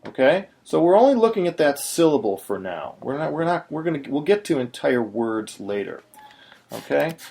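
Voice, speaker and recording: A man's voice: a little high, very animated, moderate pace, gravelly, warm tone. A man teaching in a patient, explanatory way, now and then breaking into short sung syllables. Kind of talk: screen-recorded tutorial.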